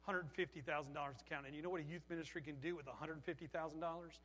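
A man preaching in a high, bright voice, swinging between lively storytelling and loud shouted lines. His voice rings out with a long reverb, like a big church hall. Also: racing. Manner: animated storytelling, acts out shouted quotes. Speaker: pastor. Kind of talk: sermon.

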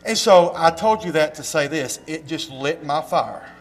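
Folksy pastor, raised tone. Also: male voice, a little high, normal speed, faint music behind. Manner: folksy, animated storytelling with emphatic rises. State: slight cough. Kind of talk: church announcements and sermon talk. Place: church sanctuary.

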